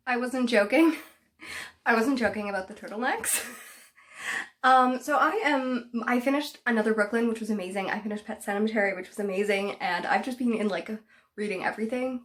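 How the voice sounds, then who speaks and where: A woman talking casually in a book vlog, husky and sick with a cough, rambling with many "like" fillers. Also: mid-range voice. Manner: rambling, full of "like" fillers, animated rants. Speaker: book vlogger. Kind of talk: casual chat. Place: indoors at home.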